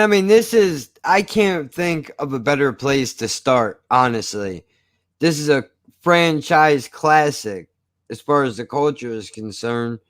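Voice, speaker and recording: An excitable man co-hosting a casual chat over a video call, calling his friend "dude" and "bro". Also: a little high, no echo, clean studio sound. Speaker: podcast co-host.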